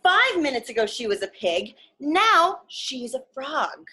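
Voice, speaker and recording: A woman voicing a cautious, anxious male elephant in a storybook reading, with a slow, worried, drawn-out delivery. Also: high-pitched, big pitch swings, sharp tone, breathy edge, exaggerated voice. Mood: puzzled.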